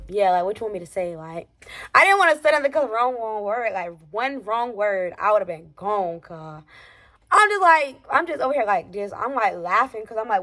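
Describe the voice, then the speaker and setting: Young woman vlogger, casual slangy storytime, animated, loud-then-hushed delivery. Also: medium pitch. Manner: animated, slangy, swinging between loud exclamations and hushed asides. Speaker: vlogger telling a personal story. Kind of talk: storytime vlog.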